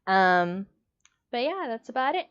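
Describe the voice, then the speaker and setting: In a casual review vlog, a woman gushes emotionally about a book she loves, rambling from point to point. Her clear, resonant, fairly bright voice is a little high, sing-song, and a bit slow, though the recording itself sounds dull and lo-fi.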